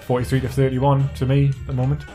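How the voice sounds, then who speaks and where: A man's voice: medium pitch, monotone, fast, dark tone, faint music behind. A young man, chatting and giggling while playing a video game with a friend on a podcast. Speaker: podcast co-host.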